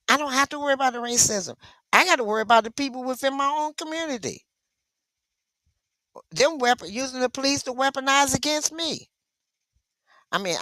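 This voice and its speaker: Animated woman live streamer, bright tone. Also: medium pitch, no room sound. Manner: emotional, animated, reacting to viewer comments. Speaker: live stream host reading chat. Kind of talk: casual live stream chat.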